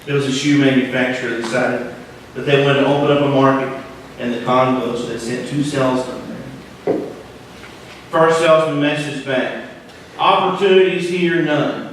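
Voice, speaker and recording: A man preaching a sermon as pastor, with dramatic swings from loud to hushed. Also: mid-range voice, fairly even intonation, normal speed, slight background noise. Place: church sanctuary. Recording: echoey church hall, mic at a distance.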